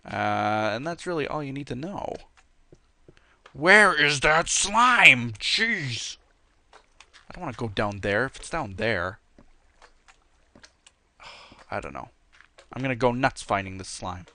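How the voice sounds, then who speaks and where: Bright, crisp-voiced man playing a game. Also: fairly low pitch, animated, normal speed, long pauses. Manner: rambling, easygoing, with many fillers. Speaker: let's play host. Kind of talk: casual gameplay commentary with viewer Q&A.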